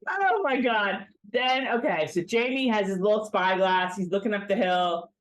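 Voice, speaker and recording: A woman co-hosting a casual TV recap, her pitch swinging widely as she talks. She slips into mocking character voices to make her points, loose and chatty. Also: lively intonation, moderate pace. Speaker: podcast co-host.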